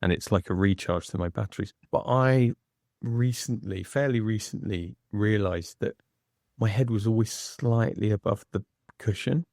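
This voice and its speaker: A man speaking as a podcast guest in a candid conversation, measured and reflective, pausing between phrases. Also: lowish voice, vocal fry, darkish tone, dry recording, studio quality.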